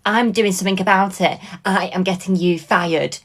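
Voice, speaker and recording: A woman's voice: medium pitch, moderate pace, close to an everyday voice. A woman voicing a scheming, vindictive teenage schoolgirl who sneers coldly. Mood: sneering. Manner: sneering and cold.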